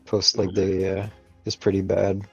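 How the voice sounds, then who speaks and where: Canadian man, lowish voice, crude laid-back jokes, dull lo-fi dry mic. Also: monotone, measured pace, gravelly, a bit bright, husky, soft background music. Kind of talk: casual chat at a tabletop game.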